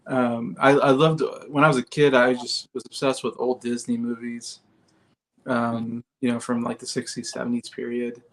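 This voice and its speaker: A man as a podcast guest, rambling in casual chat with many fillers and soft laughs. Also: mid-range voice.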